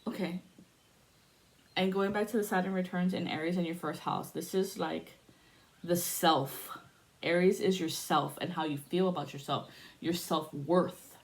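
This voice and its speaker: A woman talks through a spiritual reading in a loose, chatty way, swearing freely and laughing as she goes. Her voice sits a little low for a woman. At times she turns to a spoken prayer, calling on spirits. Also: steady tone, a little slow. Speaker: spiritual reader.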